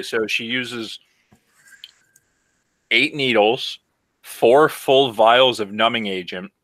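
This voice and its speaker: A man's voice: medium pitch, slow pace, pauses often, a bit bright, no room sound. A man co-hosting a podcast, telling an exasperated, profane story in casual chat. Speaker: podcast co-host.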